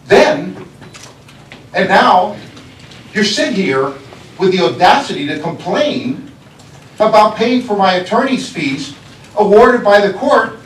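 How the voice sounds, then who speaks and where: High-voiced sheriff addressing a council chamber. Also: male voice, sing-song, slight background noise. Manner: accusatory, deliberate, repeats phrases for emphasis. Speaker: county sheriff. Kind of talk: public address at a government meeting. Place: county board meeting chambers. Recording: echoey chamber, voice from far off.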